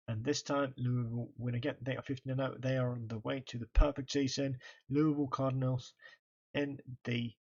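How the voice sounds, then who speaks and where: A man's voice: mid-range voice, a little mellow, muffled recording. Tired man streaming a game. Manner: tired, talks through stats to himself. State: tired, yawning. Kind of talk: casual let's-play commentary.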